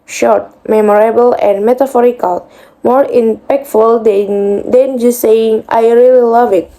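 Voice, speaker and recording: A woman's voice: a little high, steady tone, a little slow, dark tone, poor audio. A young woman reading out a class presentation on English idioms, moving through slide headings in a list-like cadence. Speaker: student presenter.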